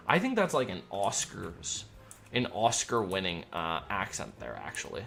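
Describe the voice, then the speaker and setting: A man streaming himself as an air traffic controller. He talks in an upbeat, rambling way between crisp radio calls. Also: sits low, wildly swooping pitch, moderate pace, fairly bright tone. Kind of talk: live-stream commentary mixed with radio phraseology.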